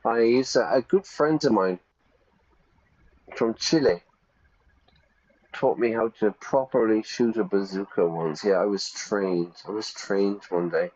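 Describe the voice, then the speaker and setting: Man, english teacher, slow unhurried talk, lowish voice, chatty with examples, slightly muffled mic. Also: a little mellow. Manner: chatty, explains with examples and asks "yeah?". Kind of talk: teaching English while livestreaming a game.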